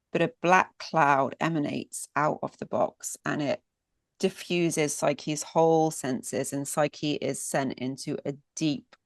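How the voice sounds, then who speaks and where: Woman storyteller, unhurried and lingering, repeats for emphasis, dry close sound. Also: low voice, no echo. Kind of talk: mythic storytelling.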